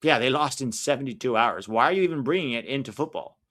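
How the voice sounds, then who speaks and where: A man's voice: medium pitch, animated, quick pace, fairly bright tone. Opinionated man ranting over a live match. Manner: opinionated, ranting, reacting to play. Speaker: livestream watch-along host. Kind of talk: casual live match commentary.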